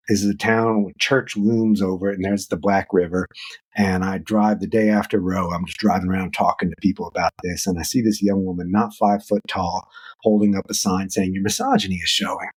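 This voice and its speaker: Male author guest, low husky voice, animated storyteller who leaps in pitch for emphasis. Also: fairly quick. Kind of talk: interview conversation.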